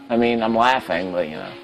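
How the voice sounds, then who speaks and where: Speaking at a moderate pace in an expressive, lowish voice, a man narrates his retro gameplay as a let's play host. He's chatty and self-critical, talking mainly to himself, and the recording is rough.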